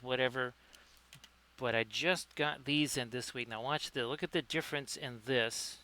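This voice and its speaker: A man's voice: medium pitch, pushed and bright. A man hosting a live-streamed miniature painting lesson. He talks in a chatty, upbeat way, greets viewers by name and corrects himself as he goes. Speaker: livestream host, painting tutor.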